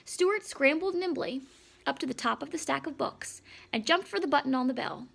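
A woman narrating a children's story aloud in a measured, lightly expressive reading. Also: high-pitched, creaky. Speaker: audiobook narrator.

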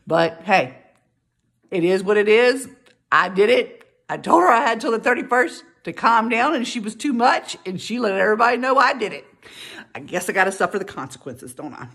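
A woman talks into her phone camera in her kitchen at home. She vents in a chatty, exasperated way, with an ordinary mid-pitched voice. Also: animated, a little fast, creaky, fairly bright tone, slightly rough. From Louisiana. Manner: chatty and exasperated, venting with mock-quoted retorts. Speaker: vlogger. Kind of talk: casual morning vlog chat.

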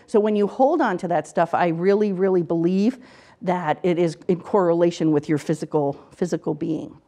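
A woman's voice: lowish voice, moderate pace, dark tone. A middle-aged woman, an author and counselor, talking earnestly in a casual interview and repeating her words as she gives advice. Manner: earnest, repeats words, acts out quotes in dialogue. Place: local TV studio interview.

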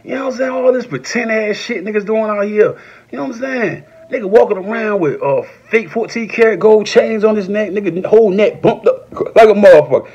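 A man doing a profane, rambling comedy rant that jumps into high, shouted quotes. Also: a little fast, breathy edge, lo-fi sound. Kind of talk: stand-up style comedy rant.

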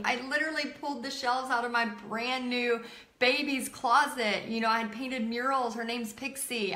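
Thirties woman hosting a live art stream, tells stories in a bright, chatty way, recorded in an echoey room. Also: on the high side. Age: 30s. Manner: chatty, filler-heavy, emotional retelling. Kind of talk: casual live-stream storytelling.

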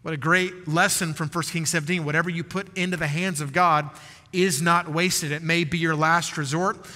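A male pastor preaching a sermon in an earnest, emphatic way with dramatic pauses. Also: on the high side, steady tone, pushed and bright. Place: large church sanctuary. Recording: church hall reverb.

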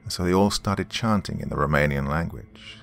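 Gravelly man narrating horror. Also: extremely low pitch, a little fast, a bit bright, faint music behind.

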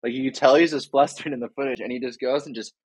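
A man's voice: medium pitch, fairly even intonation, fast talker, darkish tone, slightly rough, no echo, rough recording. A young man, a surfer guest on a podcast, talking in a loose, laid-back way with lots of fillers. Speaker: guest, big wave surfer. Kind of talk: casual interview chat.

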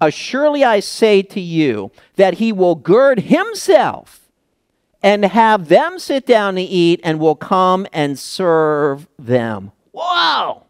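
A man's voice: on the high side, smooth, dry recording, studio quality. A middle-aged male pastor preaching a sermon, emphatic, asking the congregation questions.

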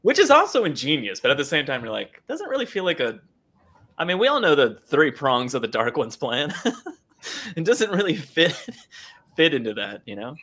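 A man co-hosts a casual podcast chat, ribbing his friends with quick jokes. His voice swings very widely in pitch from word to word. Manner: joking, teasing, with a very lively melody. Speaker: podcast co-host.

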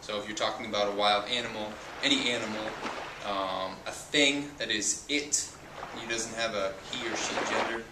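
A male teacher walks through a lesson patiently, repeating words and spelling out their endings. His voice sits at an ordinary pitch but sounds roomy and set back from the mic. Steady noise runs under it. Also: moderate pace, distant mic. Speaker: Spanish teacher. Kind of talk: explanatory lesson. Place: outdoors at a beach.

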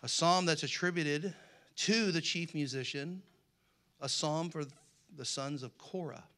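A man's voice: a little high, a little slow, bright, forceful tone. A man preaching a sermon, reading scripture aloud with rising emphasis and slipping in folksy jokes to the congregation. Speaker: pastor.

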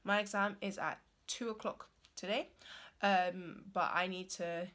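A young woman, a student, talking casually to the camera in a rambling vlog, with lots of fillers and a rough, hoarse voice. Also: fairly low pitch, steady tone, a little slow, fairly bright tone. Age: young adult. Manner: chatty, rambling with many fillers. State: hoarse morning voice. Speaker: student vlogger.

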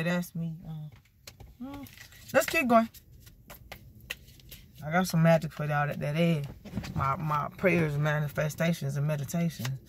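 A woman giving a casual tarot card reading, sassy and animated, talking straight to her viewers. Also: low voice, slight background noise. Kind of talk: casual spiritual reading vlog.

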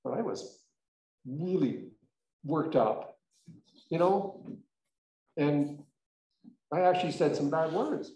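A man's voice: on the high side, lively intonation, takes it slowly, long pauses, warm tone, slight background noise. A male pastor telling a story in a conversational, emphatic sermon. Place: church sanctuary. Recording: echoey church room.

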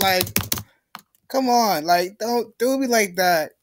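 A man's voice: high voice, lively intonation, slow pace, pauses often, slight background noise. A young man giving let's play commentary, ranting in frustration and pleading with the game. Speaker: gamer.

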